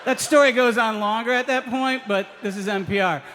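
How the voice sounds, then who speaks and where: A man's voice: very high voice, a little fast, bright, forceful tone, in a large hall, a little hiss or hum. A man doing live stand-up storytelling, hesitant and full of ums, laughing through his lines. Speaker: stand-up comedian. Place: live radio stage before an audience.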